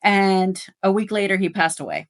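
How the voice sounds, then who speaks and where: Middle-aged woman on a podcast, excited storytelling, lots of ums, gets fired up. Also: mid-range voice, normal speed. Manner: animated storytelling, rising excitement, many fillers. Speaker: guest, dealership service manager. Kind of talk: casual interview chat.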